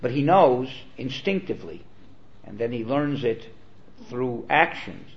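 Man, rabbi giving a Torah class; earnest, explanatory, mid-pitched voice, muffled lo-fi audio. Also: animated, a little slow. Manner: earnest, explanatory, with Hebrew terms. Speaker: rabbi teaching. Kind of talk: Torah lecture. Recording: dull, lo-fi recording.

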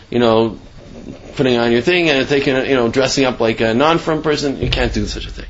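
A man telling a Torah story in a casual lecture. He acts out the quotes sudden leaps in pitch and rushed asides. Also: fairly bright tone. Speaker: Torah class speaker. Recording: slightly dull lo-fi recording.

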